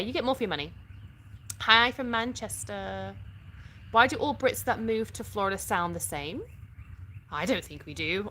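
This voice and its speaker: Heavy background noise surrounds a middle-aged British livestream host from the UK with a medium-pitched voice. Chatting casually, she responds to viewers' comments as she reads them, often laughing.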